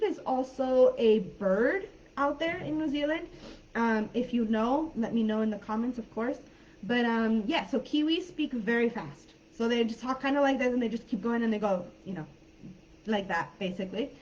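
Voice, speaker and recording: A Californian woman runs a live online English class in a relaxed, chatty way, full of little fillers and asides. Her voice sits a bit high and comes through a slightly dull webcam mic with a faint room hum behind it. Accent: American, Californian. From California, United States. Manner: chatty and informal, with many fillers. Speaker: English teacher.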